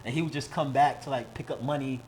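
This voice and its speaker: A man's voice: mid-range voice, fast talker, slight background noise. A man telling a story in casual podcast chat, slangy and swearing freely, acting out the lines he quotes. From St. Louis, United States. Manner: animated storyteller, acts out quoted lines loudly. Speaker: podcast guest.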